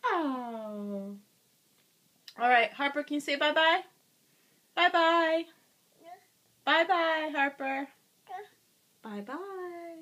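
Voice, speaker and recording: A woman's voice: high voice, very slow, long pauses, bright, forceful tone. A young woman talking baby talk to her infant in a sing-song, cooing way, asking simple questions. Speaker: parent filming her baby.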